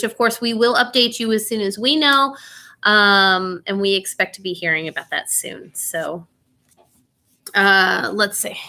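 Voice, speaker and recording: A woman's voice: medium pitch, bright, forceful tone. A woman teaching a live online class, chatty and informal, often stopping to ask "right?" and using a lot of fillers.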